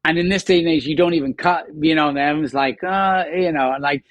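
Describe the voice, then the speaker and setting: A man in his fifties talks shop as a guest on a podcast, with a slightly high-set voice. He tells stories with relish and slips into the voices of directors and crew. The sound is dry and close, with no room around it. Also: fast talker, no room sound, dull audio. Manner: animated storyteller acting out quotes. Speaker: actor guest. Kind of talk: casual podcast chat.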